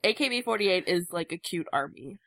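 A woman co-hosting a podcast with a hoarse, sick voice, making dry quips and laughing. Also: fairly low pitch, expressive, brisk, a bit bright. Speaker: podcast co-host. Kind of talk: casual podcast chat.

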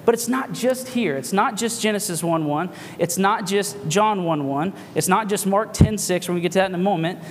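A man's voice: high-pitched, normal speed, few pauses, a little hiss or hum. A man preaching a sermon with impassioned, emphatic rhetorical questions, recorded in a church hall. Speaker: pastor.

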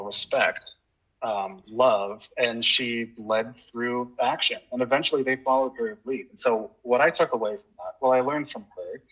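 A man's voice: medium pitch, fairly bright tone, breathy edge, low-quality recording. A man speaking as a guest on a podcast, earnest and reflective in a casual conversation. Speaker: podcast guest, nature educator. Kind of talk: casual interview chat.

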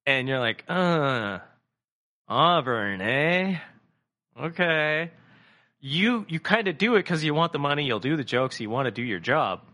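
A man co-hosting a casual comedy chat, rambling and animated, swearing freely and acting out quoted voices. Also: mid-range voice, a little fast, few pauses. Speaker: podcast co-host.

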